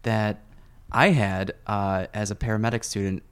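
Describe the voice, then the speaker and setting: A man with a lowish voice hosts a casual talk about EMS teaching. He thinks aloud, restarting his sentences as he asks questions. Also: steady tone, normal speed, clear, resonant tone. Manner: reflective, questioning, restarts often. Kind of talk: casual interview.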